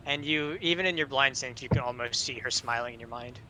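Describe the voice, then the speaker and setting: Bright-voiced man running a tabletop game. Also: medium pitch, brisk, hardly any pauses, slight background noise, low-quality recording. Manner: relaxed, hesitant with fillers. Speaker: game master.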